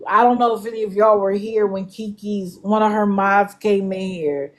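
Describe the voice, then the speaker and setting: A woman's voice: mid-range voice, steady tone, normal speed. A woman hosting a live stream, talking bluntly and with exasperation to her viewers. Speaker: livestream host. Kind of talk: casual commentary. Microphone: live stream setup.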